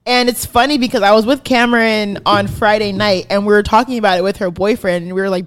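A woman's voice: mid-range voice, fairly quick, few pauses. A young woman hosting a podcast, chatting casually and telling a story, acting out what people said. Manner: animated storytelling, acts out quotes. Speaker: podcast host. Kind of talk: casual chat.

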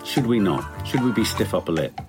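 A man's voice: lowish voice, lively intonation, brisk, over music. A middle-aged British man co-hosting a podcast, musing thoughtfully in casual chat. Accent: British English. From Britain. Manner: thoughtful, musing, with many fillers. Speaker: podcast co-host.

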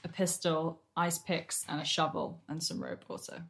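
A woman playing her character in a tabletop game, hesitant and unhurried. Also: sits low, wildly swooping pitch, fairly bright tone. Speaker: player.

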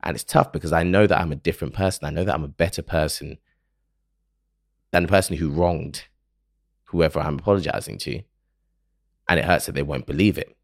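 A man's voice: rumbling low, fairly quick, vocal fry, pauses often, no room sound, studio quality. A man hosting a podcast, speaking alone in an earnest, reflective and openly emotional way. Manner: earnest, emotional, self-questioning. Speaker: podcast host. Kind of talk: reflective solo monologue.

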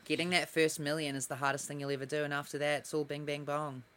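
A man in his thirties co-hosting a podcast in casual chat, teasing his co-host with quick, playful banter. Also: on the high side, little pitch movement, a bit bright.

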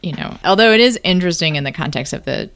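A woman's voice: low voice, animated, fast talker, vocal fry, a bit bright. A woman co-hosting a podcast in casual chat, thoughtful, often restarting her sentences and laughing easily. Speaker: podcast co-host.

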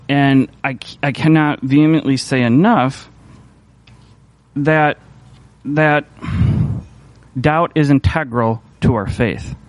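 A man's voice: medium pitch, no echo. A man, a church pastor, giving a sermon in a loose, conversational way, full of restarts and fillers. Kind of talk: casual sermon talk.

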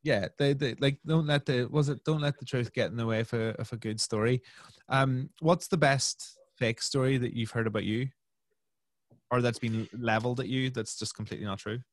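A man's voice: medium pitch, steady tone, normal speed, no echo. Chatty podcast host man, dry close sound. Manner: chatty, laughing, lots of fillers and restarts, storytelling. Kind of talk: casual interview conversation.

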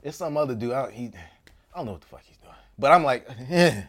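A man tells a story from his own life in a loose, comedic way, his pitch swinging high and low as he goes. He laughs often, gets loud in the exciting moments and drops to a near hush for asides. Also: fast. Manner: animated, laughs often, jumps between loud bursts and hushed asides. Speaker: actor.

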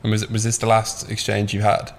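A man hosting a casual podcast interview. His voice is slightly low, and he thinks out loud as he asks questions, dropping the odd swear word. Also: monotone, brisk, creaky, slight background noise. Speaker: podcast host.

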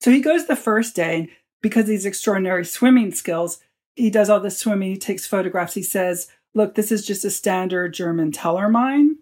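A woman, an author being interviewed, telling a long story with lively quoted lines. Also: mid-range voice, normal speed. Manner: animated storyteller, quotes people in her tale. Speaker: author and guest.

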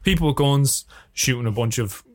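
Irish male podcast guest, mid-pitched, casual and profane raconteur. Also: normal speed, no room sound. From Ireland. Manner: lively, profane storyteller. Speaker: guest filmmaker.

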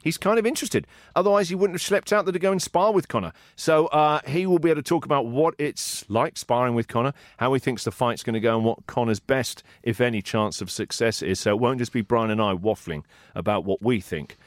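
A man hosting a casual combat-sports podcast, jokey and excitable, swearing freely. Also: mid-range voice, fairly quick, hardly any pauses, dry recording, clean studio sound. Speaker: podcast host. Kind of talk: casual chat.

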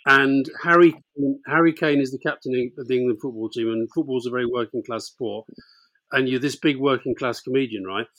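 A man's voice: mid-range voice, fairly quick, a bit bright. A man hosting a casual chat, teasingly quizzing his guest. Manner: teasing, questioning interviewer. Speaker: podcast host. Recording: dry close sound.

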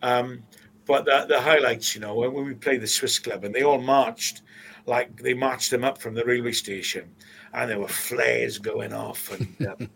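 A Welsh man in his sixties, a stadium announcer, telling stories in an interview with animated anecdotes and frequent restarts. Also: medium pitch, normal speed, vocal fry, low-quality recording. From Swansea, Wales. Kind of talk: casual storytelling interview.

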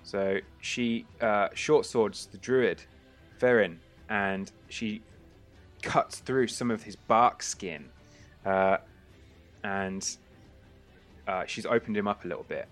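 A man's voice: fairly low pitch, slow pace, pauses often, faint music behind. A man running a tabletop game as game master, narrating casually with frequent hesitations.

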